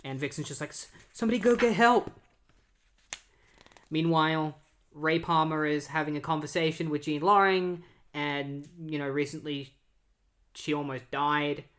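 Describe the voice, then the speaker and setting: A man's voice: on the high side, flat delivery, normal speed, fairly bright tone. Casual man recapping comics, full of fillers. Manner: filler-heavy, loose recap. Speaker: comic book reviewer. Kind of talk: casual retelling of a comic story.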